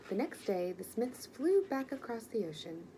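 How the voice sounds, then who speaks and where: A woman gently and expressively reading a children's picture book aloud. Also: a little high, big pitch swings, normal speed, slight background noise, poor audio. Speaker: storyteller.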